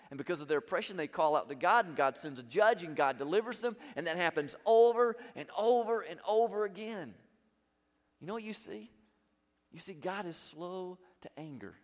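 Emphatic high-voiced preacher in a hall. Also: male voice. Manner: emphatic preaching with wide swings in loudness. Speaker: pastor. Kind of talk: sermon.

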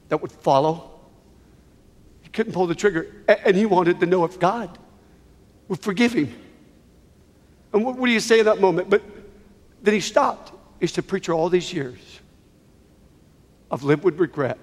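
A man preaching a sermon, telling a story with rising emotion, his voice swelling from hushed to almost shouting. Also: high voice. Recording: long hall reverb.

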